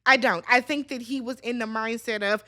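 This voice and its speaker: A woman with a high voice recaps a reality show in a casual vlog. She is blunt, sassy and freely profane, and she talks straight at her viewers as if they were friends. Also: steady tone, fairly quick, pushed and bright.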